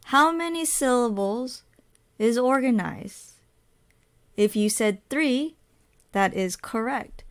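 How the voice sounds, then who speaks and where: Very slow, patient woman ESL teacher. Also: fairly high pitch, lively intonation. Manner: spells out letters, asks and answers her own questions.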